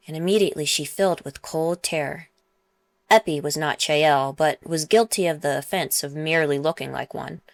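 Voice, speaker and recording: A woman, the author, narrating her own novel in a steady, measured reading. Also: low voice, no room sound. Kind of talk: audiobook narration.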